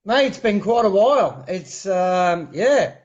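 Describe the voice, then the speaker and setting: A man's voice: high-pitched, expressive, takes it slowly, a little mellow. A man from New Zealand with a New Zealand accent, a guest on a video call, talking earnestly and often saying mate. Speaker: livestream guest. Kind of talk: casual call-in chat. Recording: dull lo-fi video call audio.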